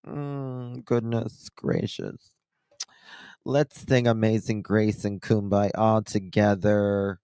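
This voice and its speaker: Slow, low-voiced sarcastic male commentator. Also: little pitch movement, warm tone, clean tone, no room sound, clean studio sound. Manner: sarcastic, incredulous. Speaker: commentary channel host. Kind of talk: reaction commentary.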